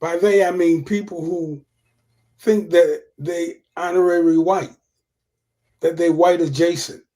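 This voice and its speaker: A man's voice: fairly high pitch, flat delivery, a little slow, warm tone. A man hosting a livestream of casual political commentary, profane and repeating his points for emphasis. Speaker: livestream host.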